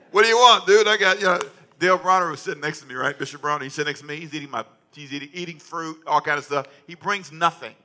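A man's voice: a little high, bright, forceful tone. A man preaching a sermon as pastor, conversational and joking, often repeating himself. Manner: conversational, repetitive, humorous asides.

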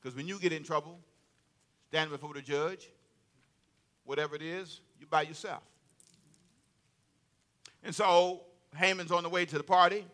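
A man preaching a sermon in a lively, conversational way, with comic asides and repeated phrases. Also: a little high, normal speed, long pauses. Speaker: pastor.

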